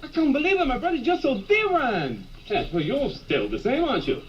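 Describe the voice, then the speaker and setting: A man's voice: very high voice, wildly swooping pitch, a little fast, far from the mic, a little hiss or hum, heavily acted. An actor playing a flamboyant, theatrical nobleman who talks in a campy, drawling, arch way, from a film soundtrack. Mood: camp delight. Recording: dull film audio with music.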